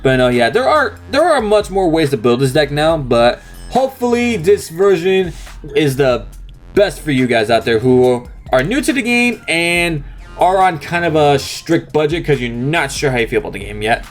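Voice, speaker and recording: A man's voice: fairly high pitch, very animated, normal speed, soft background music. A young man hosting a card game channel, chatting casually and explaining a deck step by step in an upbeat, talkative way. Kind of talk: casual deck profile walkthrough.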